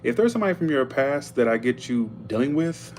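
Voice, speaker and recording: A man's voice: medium pitch, very animated, brisk, a little mellow, a little hiss or hum. A man giving a casual live tarot reading, chatty and blunt, stopping often to thank viewers for tips. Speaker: tarot reader.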